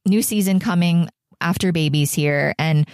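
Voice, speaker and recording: Podcast host, woman in her 30s, pregnant, low voice, candid and meandering, dry close mic. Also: normal speed, a little mellow, smooth, no room sound. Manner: candid, emotional, rambling with many fillers. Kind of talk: reflective solo podcast.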